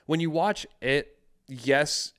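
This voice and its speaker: Smooth-voiced rambling podcast guy. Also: fairly high pitch, slow pace, a bit bright. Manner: rambling, hesitant, swears casually. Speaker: podcast co-host. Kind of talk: casual chat.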